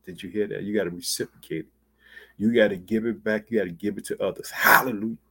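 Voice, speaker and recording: A man preaching a sermon with fervent emphasis, calling out to his listeners and swinging from loud exclamations to hushed near-whispers. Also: lowish voice, steady tone, quick pace, breathy edge. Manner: fervent, emphatic, repetitive call-outs to listeners.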